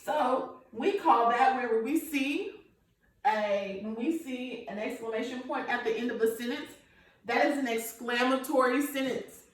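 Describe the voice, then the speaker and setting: Patient lady teacher going over grammar for little kids, kinda high voice, lots of room echo, off mic a bit. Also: normal speed, distant mic. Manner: patient, repeats okay after each point. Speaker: elementary school teacher. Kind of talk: recorded remote grammar lesson.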